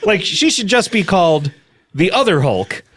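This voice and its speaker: A man hosting a comedy podcast, teasing his guest in wry banter, often halting on fillers. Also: high voice, sing-song, fairly bright tone, slightly rough. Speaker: host.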